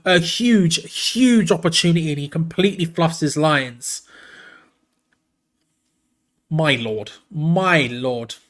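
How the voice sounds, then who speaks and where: Excitable man doing a football watch-along. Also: on the high side, slow, pauses often. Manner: excitable, chatty, jumps between play-by-play and reading comments. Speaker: watch-along host and commentator. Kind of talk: live football watch-along commentary mixed with chat replies.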